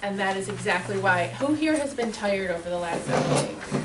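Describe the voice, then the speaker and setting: Animated woman teaching a roomful of listeners. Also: mid-range voice, a little fast, few pauses. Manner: animated, chatty, laughs often. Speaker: spiritual teacher. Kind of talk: lively talk to a live audience. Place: room with a small gathering. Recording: echoey room, mic far off, faint hiss.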